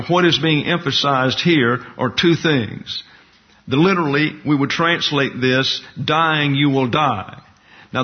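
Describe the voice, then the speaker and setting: A man gives a Bible lesson in a methodical, explanatory way, walking through words letter by letter. His voice sits at an ordinary middle pitch. The recording is dull and lo-fi. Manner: methodical, spells out Hebrew letters. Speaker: Bible teacher. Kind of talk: Bible class lecture at a board.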